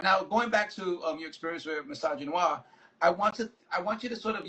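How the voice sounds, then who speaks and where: Thoughtful man hosting, slightly higher voice. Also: fairly bright tone, rough recording. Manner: thoughtful, hedging with "like" and "right?". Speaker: host. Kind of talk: interview conversation. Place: live video stream.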